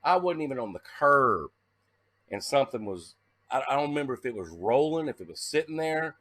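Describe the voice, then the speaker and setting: Man, casual storytelling vlog, animated, curses freely, dry close sound. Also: mid-range voice, a little fast, no room sound. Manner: animated, swearing, acts out his own past reactions. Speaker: vlogger.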